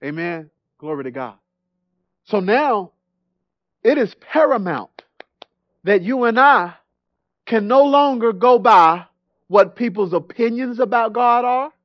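High-voiced man preaching a testimony sermon. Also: slow pace, pauses often, no room sound, dull audio. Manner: storytelling, animated, repeats words. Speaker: guest preacher.

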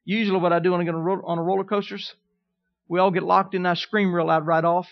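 Male preacher, middle-aged, high voice, storytelling sermon style, dull lo-fi recording. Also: flat delivery, quick pace, vocal fry. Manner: storytelling preacher, calls out "Amen?" to the congregation. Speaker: pastor.

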